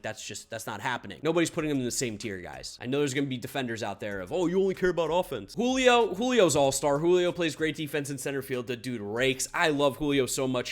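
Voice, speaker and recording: A man's voice: fairly high pitch, fairly bright tone. A young man giving blunt, emphatic opinions in casual commentary, ranking baseball players into tiers. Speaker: baseball tier list creator.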